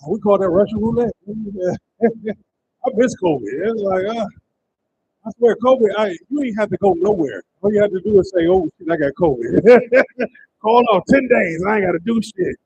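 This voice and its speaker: A man hosting a stand-up comedy show, doing crowd work and joking loudly between acts. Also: very high voice, gravelly, muffled recording, slight background noise. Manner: loud, laughing, banters with the crowd.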